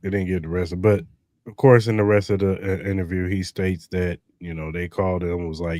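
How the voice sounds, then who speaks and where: A man's voice: low-pitched, fairly even intonation, a little fast, darkish tone, dry recording, clean studio sound. A man hosting a podcast, casually recapping a clip with loose fillers. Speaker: podcast host.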